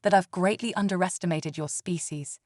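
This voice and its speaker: A woman voicing a curious young female alien visitor in an audiobook story, speaking in a measured, formal way. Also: fairly low pitch, darkish tone, no room sound, studio quality, natural voice. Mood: earnest.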